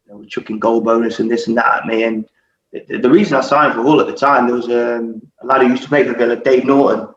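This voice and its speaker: Quick-paced and steady in tone at medium pitch, this podcast guest, a former footballer in his forties, shares stories in a casual chat. Constant swearing and laughter punctuate each anecdote. The audio is roomy and muffled with a faint hiss.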